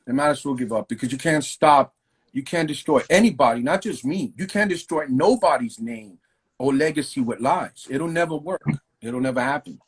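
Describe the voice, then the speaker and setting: Husky New man telling stories. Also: medium pitch, lively intonation, normal speed, rough recording. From New York. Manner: loose and profane, full of fillers and slang. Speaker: graffiti writer, interview guest. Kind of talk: casual storytelling interview.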